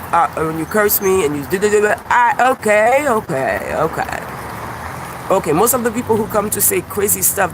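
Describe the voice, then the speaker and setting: A man with a high voice rambles through a live-stream monologue outdoors. He is animated and profane, and he laughs at his own jokes. Loud traffic noise sits under everything he says. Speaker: YouTube livestreamer and self-described comedian. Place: outdoors by a busy street with birds. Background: passing cars and birdsong.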